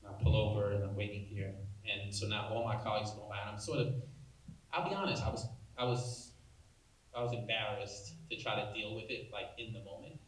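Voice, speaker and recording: A man's voice: fairly low pitch, a little fast. A man in his forties giving a keynote talk, telling a personal story and acting out the voices of the people in it. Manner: animated storyteller acting out dialogue, many "like"s. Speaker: national speaker on prison reform. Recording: roomy hall audio from a distance, faint hiss.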